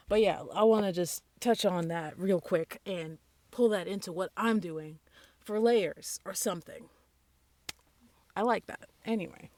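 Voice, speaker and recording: A woman casually chatting alone on a stream, thinking out loud in a rambling, playful, easily sidetracked way. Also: fairly low pitch, no room sound. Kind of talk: casual solo stream chat.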